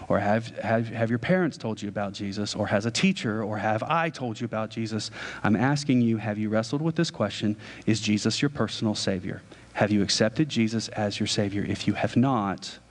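A man preaching a sermon as pastor, earnestly pleading with his listeners through repeated direct questions during a church service. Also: on the low side. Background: soft guitar music.

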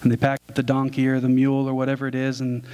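A man's voice: medium pitch, monotone, very fast, darkish tone. A man preaching a sermon, retelling a story in a casual, conversational way. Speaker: pastor.

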